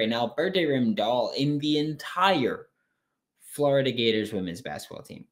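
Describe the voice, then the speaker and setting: A man hosting a sports podcast late at night, talking casually, animated and frank, with some swearing. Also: mid-range voice.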